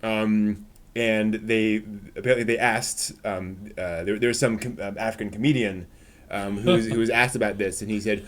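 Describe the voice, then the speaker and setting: A man's voice: on the low side, steady tone, normal speed. A man hosting a casual chat, hesitant and full of "um"s. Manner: hesitant, many "um"s. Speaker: podcast host.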